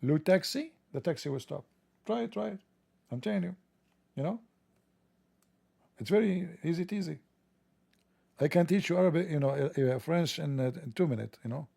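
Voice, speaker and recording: A man's voice: fairly high pitch, lively intonation, normal speed, vocal fry, long pauses, warm tone, slightly rough, no echo. A man delivering a sarcastic, mocking satirical monologue.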